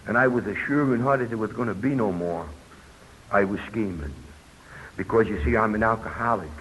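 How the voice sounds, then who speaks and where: An older man from New York, with a mid-range and slightly bright voice, offers personal testimony at a recovery convention. He keeps it plainspoken and adds folksy asides. It comes through muffled on old tape with hiss.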